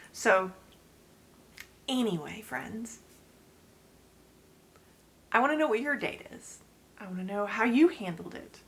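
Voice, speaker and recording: A woman in her forties talks straight to camera at a middle pitch, casual and chatty. She laughs often as she tells her story and addresses her viewers directly. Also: slight background noise. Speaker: channel host sharing her story.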